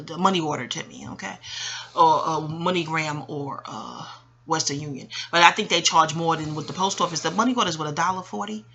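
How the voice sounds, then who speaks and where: A woman's voice: low voice, pushed and bright. A middle-aged woman from Harlem, talking in a rambling, profane monologue, digressing and laughing often. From New York, Harlem. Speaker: astrologer and host.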